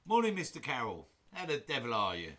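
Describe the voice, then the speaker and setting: A man's voice: mid-range voice, huge pitch swings, a little fast, pushed and bright, a little hiss or hum. Chatty man greeting live viewers. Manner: chatty, jokey, rambling asides. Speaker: woodturning livestream host. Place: home workshop.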